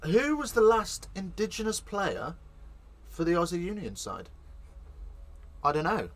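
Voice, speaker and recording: A man hosting a live watch-along commentary, chatty and excitable, swearing casually. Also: high voice, measured pace. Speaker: host.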